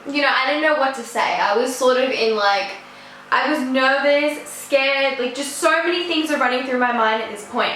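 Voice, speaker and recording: Teen girl rambling thru a story, lots of "like", sharp bright voice. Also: high voice, moderate pace, a little hiss or hum. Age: teens. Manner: chatty, rambling, full of "like". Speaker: vlogger. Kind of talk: casual storytime. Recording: echoey room.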